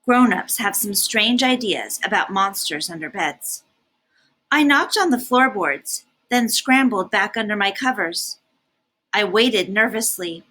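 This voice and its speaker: Breathy, animated woman reading a storybook. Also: medium pitch, unhurried, rough recording. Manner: animated and expressive. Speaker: storybook reader. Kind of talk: reading a picture book aloud.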